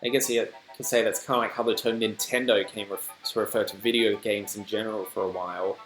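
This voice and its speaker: A man's voice: lowish voice, steady tone, fast talker, a bit bright, soft background music. Man, Australian accent, reaction host, rambling, echoey room. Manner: chatty, rambling, self-deprecating asides. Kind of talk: casual commentary reacting to a video.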